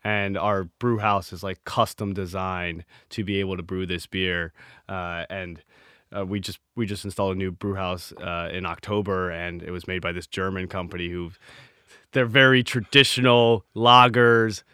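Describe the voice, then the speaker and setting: A man with a smooth, lowish voice talks in an easygoing way as a brewery co-founder on a podcast. The sound is close and dry, with no room around it. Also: normal speed, no echo. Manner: easygoing, animated when telling stories. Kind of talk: casual podcast conversation.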